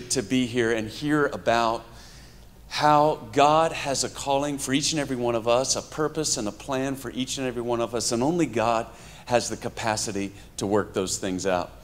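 A New York man in his fifties preaches a conversational sermon to a live audience in a church hall, with slight background noise. His voice is fairly low, and he addresses the audience directly, weaving in humor and stories.

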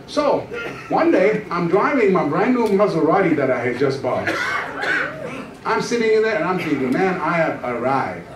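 A man in his thirties giving a testimony sermon as a pastor, telling his story with dramatic hushed drops and acted-out quotes. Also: high voice, background noise. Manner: storytelling, acts out his own past voice with dramatic drops to a hush. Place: church sanctuary. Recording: echoey church hall, mic from a distance.

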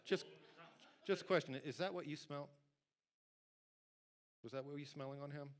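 A male pastor preaching a sermon to a church congregation in a lively, conversational way, talking directly to the people in the pews. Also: a little high, moderate pace. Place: church sanctuary.

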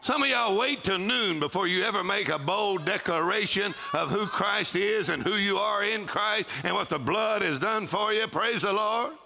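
A man, preaching a sermon with shouted exclamations and call-and-response to his congregation. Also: sits high, normal speed, gravelly, few pauses. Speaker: pastor. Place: church auditorium with congregation.

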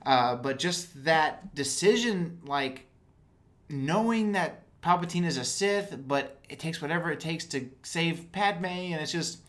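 A man's voice: on the high side, lively intonation, a little slow, fairly bright tone. A man co-hosting a casual fan podcast, talking animatedly and acting out quotes in raised voices. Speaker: podcast co-host.

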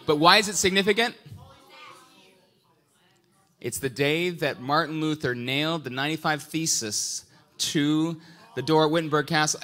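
A bright, forceful-voiced middle-aged man preaching a sermon. He sits a little high for a man and keeps quizzing his congregation in a lively, playful back-and-forth. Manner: prayerful, quiet and hushed when praying. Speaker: pastor. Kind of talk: sermon with audience interaction.

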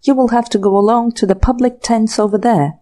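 A woman's voice: on the high side, fairly even intonation, a little fast, warm tone, natural voice. A woman reading aloud, voicing a giggly, haughty young woman with an arch, prim manner.

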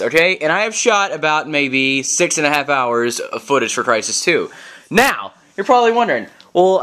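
Gaming vlogger, male, bright voice, swears freely through a casual rant. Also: high-pitched. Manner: profane, exasperated storytelling. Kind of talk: casual vlog rant to camera.

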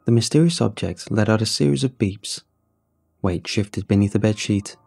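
A man narrating a horror story in a measured, somber way. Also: on the low side, vocal fry, darkish tone, husky. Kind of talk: scripted narration. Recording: faint music under the narration.

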